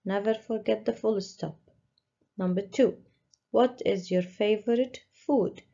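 Woman teacher going thru a worksheet with little kids, super slow, gravelly and dull-sounding audio. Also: medium pitch, dark tone. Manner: patient, stresses each word, drags out key words. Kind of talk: slow worksheet walkthrough for young pupils. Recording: dull lo-fi recording.

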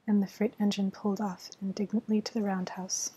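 Breathy whispering woman, whispered role-play. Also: medium pitch, little pitch movement, brisk, hardly any pauses, rough recording. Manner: soft, soothing bedtime reading. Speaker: storyteller.

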